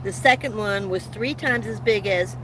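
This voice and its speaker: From inside her van, a woman with a mid-range voice at normal speed hosts a laid-back livestream. Her stories ramble, with frequent restarts and laughs, against a noisy background.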